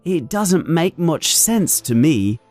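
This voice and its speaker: A man's voice: fairly high pitch, sing-song, slow, darkish tone, faint music behind, voice pushed up. A man doing a groaning teenage boy. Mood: puzzled. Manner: groaning, plain-spoken. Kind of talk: storybook reading.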